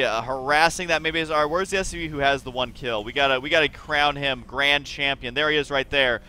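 A man's voice: fairly high pitch, bright, forceful tone, slight background noise. A young man casting a strategy game match, joking and teasing the players while he explains their mistakes. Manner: joking, teasing, mock-scolding. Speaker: game caster. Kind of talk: esports play-by-play commentary.

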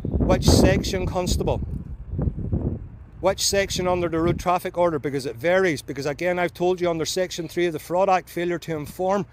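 A man's voice: high-pitched, brisk. Insistent Northern Irish man by roadside. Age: 40s. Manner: insistent, formal pseudo-legal phrasing. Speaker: driver stopped by police. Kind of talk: argumentative roadside exchange. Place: roadside outdoors in rain. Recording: loud wind and traffic noise.

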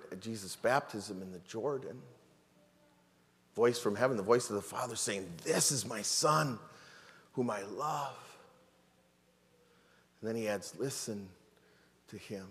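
A man preaching a sermon as pastor, retelling a story dramatically with many rhetorical questions and repeated words. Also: lowish voice. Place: church sanctuary. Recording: long church reverb.

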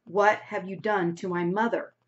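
A woman's voice: mid-range voice, fairly even intonation, moderate pace, lightly acted. A woman reading aloud voices an anxious, determined teenage farm girl who asks urgent, pleading questions. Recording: dull lo-fi recording.

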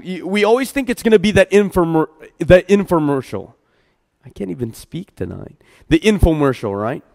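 A man's voice: on the high side, a little mellow. A man preaching a casual midweek sermon, chatting with the congregation, stumbling over his words and laughing at himself. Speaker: pastor. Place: church hall. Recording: long hall reverb.

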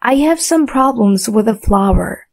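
A woman voicing a small, gentle and curious boy prince in a storybook read for learners. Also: a little high, animated, measured pace, gravelly, exaggerated voice. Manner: innocent wondering questions.

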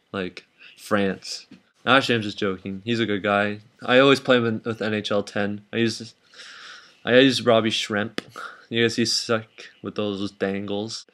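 A young man casually recapping hockey games for his vlog, jokey and excitable, with sudden high whoops. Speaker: hockey fan vlogger.

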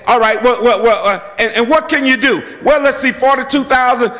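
High, bright-voiced preacher shouting in a hall. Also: male voice, moderate pace. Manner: emphatic, repetitive, bursts into shouting. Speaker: bishop and pastor. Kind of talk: preaching a sermon. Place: church sanctuary. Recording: long hall reverb from a church.

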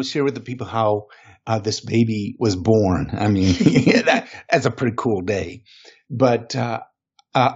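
Male podcast guest with a husky tone telling an emotional personal story over a dull, muffled line. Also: lowish voice. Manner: earnest, emotional, slows down for weight. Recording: muffled lo-fi recording.

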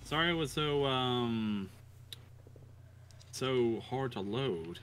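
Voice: mid-range voice, animated, slow, a little hiss or hum. A streamer chatting casually with a co-player during an online game, laid-back and jokey, laughing often. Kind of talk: casual gaming chat.

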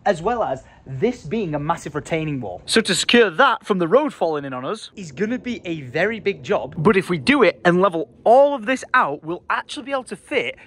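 Lively, husky-voiced man vlogging. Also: high voice, brisk, hardly any pauses. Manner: chatty, animated, jokey. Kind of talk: casual vlog narration.

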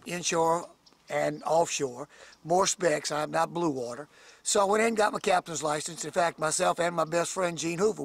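A man's voice: high voice, gravelly, a bit bright. A man, a fishing charter captain talking up his trips on a boat, folksy and enthusiastic. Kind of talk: casual promo on a boat.

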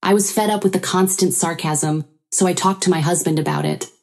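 A woman's voice: on the low side, a little fast, vocal fry, darkish tone. A woman narrating a first-person story in an earnest, sorrowful way.

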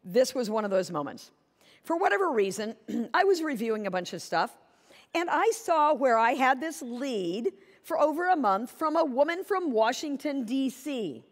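Woman, conference keynote, slightly high pitch, animated storytelling, long hall reverb. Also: moderate pace. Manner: storytelling, acting out dialogue with shifting voices. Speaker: keynote speaker.

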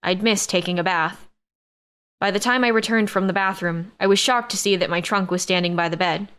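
A woman with a mid-range voice narrates a first-person audiobook. She tells the story at a steady pace. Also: mid-range voice, a little fast, smooth.

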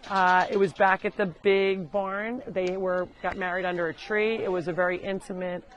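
A woman hosting a live show from her animal sanctuary, chatting casually outdoors and loudly scolding the animals. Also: mid-range voice, level tone, moderate pace, dull audio, slight background noise. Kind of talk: casual live-stream chat. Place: outdoors on a farm among animals.

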